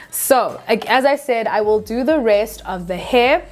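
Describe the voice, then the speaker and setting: A woman's voice: a little high, lively intonation, moderate pace, hardly any pauses. A young woman hosting a hair tutorial, talking casually and directly to her viewers. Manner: chatty, talks straight to viewers as "guys".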